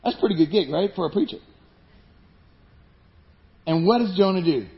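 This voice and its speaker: A man preaching a sermon, animated, acting out the voices of people in his stories. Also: high-pitched, normal speed, highs cut off. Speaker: pastor.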